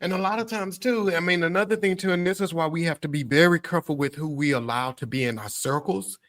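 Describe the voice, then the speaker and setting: Bright-voiced man, earnest guest. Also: fairly high pitch, fast. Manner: earnest, reflective faith talk. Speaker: podcast guest. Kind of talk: casual chat.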